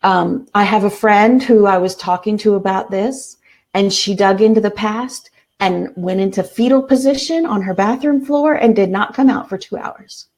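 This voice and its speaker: A woman's voice: medium pitch, darkish tone. Earnest woman hosting a self-help talk. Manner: earnest, repeats slow affirmations. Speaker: self-help show host.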